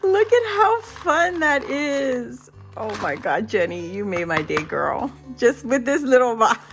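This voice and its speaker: A middle-aged woman vlogger chatting casually and excitedly as she unboxes a birthday gift, gasping and laughing. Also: on the high side, unhurried, gravelly, over music. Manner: excited and giddy, many gasps and laughs. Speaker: crafting vlogger.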